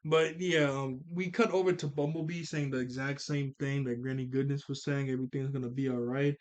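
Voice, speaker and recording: Male cartoon reviewer, casual recap, chatty and quick to laugh. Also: medium pitch, steady tone, darkish tone. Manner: chatty, laughs often, quick character quotes.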